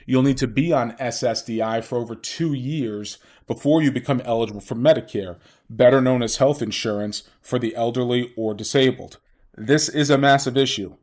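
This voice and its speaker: A man hosting his own podcast talks in a mid-range voice. He explains money matters step by step, like a financial planner, and keeps asking his listeners questions. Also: medium pitch. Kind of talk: solo podcast monologue.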